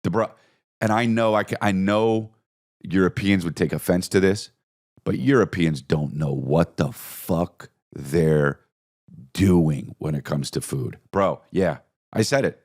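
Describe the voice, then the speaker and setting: A man hosting a podcast, telling crude, animated comedic stories and riffing with lots of profanity. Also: deep voice, unhurried. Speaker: podcast host. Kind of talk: comedic storytelling monologue.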